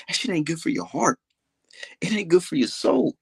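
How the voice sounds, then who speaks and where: Gravelly-voiced young man ranting on a livestream. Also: high voice, expressive, moderate pace, no echo. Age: young adult. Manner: boastful, dismissive, heavy swearing. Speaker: livestream host. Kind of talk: profane livestream rant.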